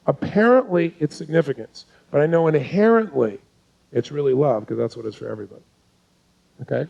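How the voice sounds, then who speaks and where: A man's voice: a little high, creaky, darkish tone, poor audio. A man teaching a live seminar as a coach, talking intensely and firing rhetorical questions at his audience.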